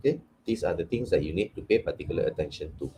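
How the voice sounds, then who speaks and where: A man with a Malaysian English accent gives a workshop lecture in a low voice that swings up and down a lot. He drops into Malay now and then and keeps asking "okay?". Faint room noise sits under him. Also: expressive, very fast, warm tone. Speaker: English communication trainer.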